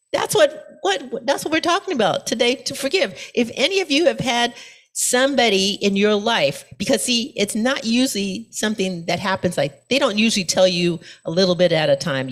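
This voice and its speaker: A woman's voice: on the high side, expressive, normal speed. A middle-aged woman pastor giving a sermon in a conversational storytelling way, full of asides and fillers.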